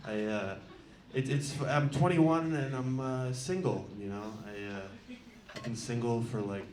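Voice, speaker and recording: A young man of about twenty works through a stand-up set, hesitant and self-mocking, stumbling over his words. His voice sits at an ordinary pitch and rings in an echoey club. Loud crowd laughter rolls in behind him. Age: around 20. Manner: awkward, self-deprecating, halting with many "uh"s. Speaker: stand-up comedian. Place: comedy club stage before a laughing crowd.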